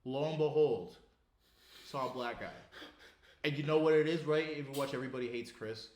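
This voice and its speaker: A man's voice: medium pitch, brisk, a little mellow. A man, a podcast co-host in casual chat who rants, swears and laughs as he talks. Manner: profane ranting, laughs and mimics others. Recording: echoey room.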